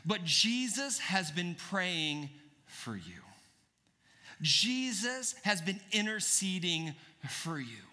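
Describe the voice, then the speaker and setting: A man preaching a sermon as pastor, animated and asking the congregation questions. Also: high voice, slow. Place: church sanctuary. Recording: church hall reverb.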